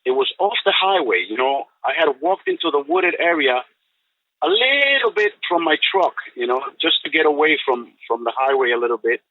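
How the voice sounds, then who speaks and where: A man's voice: on the high side, big pitch swings, normal speed, dry recording. Older man telling a story over a tinny phone line. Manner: rambling, full of "you know" and restarts. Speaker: guest recounting an encounter. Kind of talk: storytelling on a call-in podcast. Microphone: telephone.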